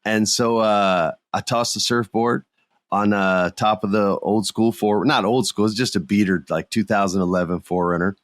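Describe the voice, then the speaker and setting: A man's voice: on the low side, steady tone, normal speed, dry recording. A man from the United States hosting a podcast, talking in a laid-back, slangy way and telling stories with energy. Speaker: podcast host. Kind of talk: casual chat.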